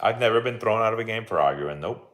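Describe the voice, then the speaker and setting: Animated low-voiced New coach. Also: male voice, fast. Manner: animated, chatty, laughs often, lots of "like". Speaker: baseball coach and live-stream host. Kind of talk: casual live watch-along chat.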